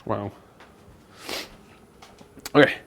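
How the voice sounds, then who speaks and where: A man's voice: very slow, slight background noise. A man co-hosting a live stream from a home kitchen, chatting casually while he cooks and thanks viewers for donations. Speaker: streamer co-host.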